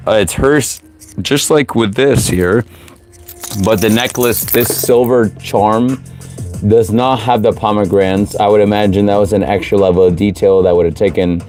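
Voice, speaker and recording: Brief: man, low voice, live tarot reader, swears a lot, preachy, fired up, faint music under. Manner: profane, fired-up, preachy, with sudden loud outbursts. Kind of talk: live tarot reading to viewers.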